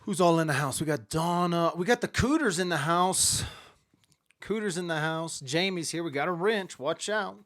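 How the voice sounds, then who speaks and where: A man chats to his live audience in a loose, rambling way, his voice sitting a little high for a man. The sound is close and dry, picked up by a camera right in front of him. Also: normal speed, fairly bright tone, no echo. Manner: rambling, chatty storytelling. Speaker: livestream host. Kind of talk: casual livestream chat. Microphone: webcam or phone camera at close range.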